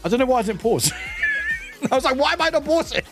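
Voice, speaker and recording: A young British man chatting while he plays a game on stream. His voice sits high and leaps all over the place as he laughs, shrieks and swears. Faint music plays underneath. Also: fairly quick. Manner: excitable, laughing, loud yelps and swearing. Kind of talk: live game streaming chat.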